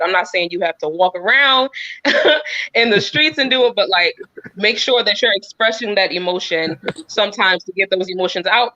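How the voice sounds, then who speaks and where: A woman on a video call giving a sincere, encouraging talk, earnest and pausing with frequent ums. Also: on the low side, pushed and bright, no room sound. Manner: earnest, many pauses and filler ums. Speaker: guest speaker. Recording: dull, dry lo-fi sound.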